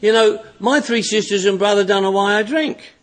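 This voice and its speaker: A man's voice: sits high, normal speed. An older man giving a humorous recovery talk to an audience, telling stories bluntly and repeating refrains. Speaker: recovery meeting speaker.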